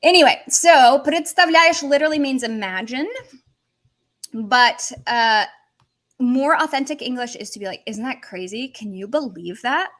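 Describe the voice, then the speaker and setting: A woman teaching a language lesson on a livestream, animated, switching between languages as she explains. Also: a little high, normal speed. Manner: animated, switches between English, Russian and Portuguese.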